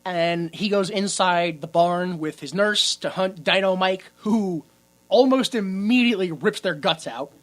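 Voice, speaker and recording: A man co-hosting a podcast, recapping a film in casual chat, animated and laughing often. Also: high voice, unhurried. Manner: animated, laughs often, acts out characters' lines. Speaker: podcast co-host.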